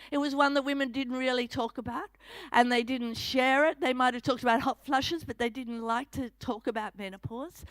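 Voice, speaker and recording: An older woman giving a comic monologue at a conference, telling a story and acting out quotes with big jumps in pitch and loudness. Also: no echo. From Australia. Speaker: comedian and conference MC. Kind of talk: stand-up comedy monologue. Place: conference hall stage.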